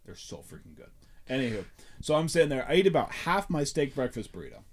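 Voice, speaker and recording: A man's voice: mid-range voice, big pitch swings, fast talker, slightly rough. A man hosting a podcast, telling a rambling story in casual chat and laughing often. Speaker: podcast host.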